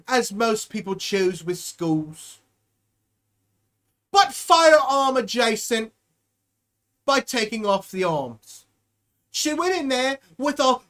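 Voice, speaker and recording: A young-adult podcast host rants on a live stream, heavy with profanity and sarcasm. The voice sits mid-range in pitch and jumps between loud bursts and low mutters. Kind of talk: ranting satirical commentary on a live stream.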